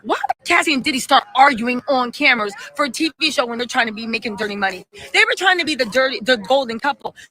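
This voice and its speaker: A woman's voice: high voice, lively intonation, quick pace, hardly any pauses, pushed and bright, low-quality recording. A woman hosting a casual live stream, chatting animatedly, reading out viewer messages and firing off emphatic rhetorical questions.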